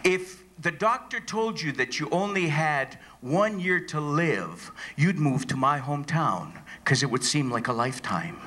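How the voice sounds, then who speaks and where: Brief man, motivational club speaker, slow animated storyteller, bright voice. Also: fairly high pitch. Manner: slow, animated joke telling with dramatic pauses. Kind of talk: humorous storytelling speech. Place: club meeting room, before an audience.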